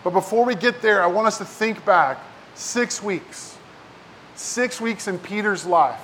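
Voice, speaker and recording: Man, high-pitched voice, conversational sermon, casual asides, faint low rumble behind. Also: a bit bright. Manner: casual, talks with many rhetorical "right?" and "like" asides. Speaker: pastor.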